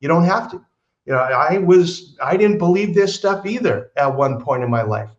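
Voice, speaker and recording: A man's voice: on the high side, animated, normal speed. A middle-aged man hosting a podcast, telling personal stories in a chatty, earnest way with rambling asides. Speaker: podcast host. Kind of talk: casual storytelling monologue. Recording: roomy, slightly dull recording.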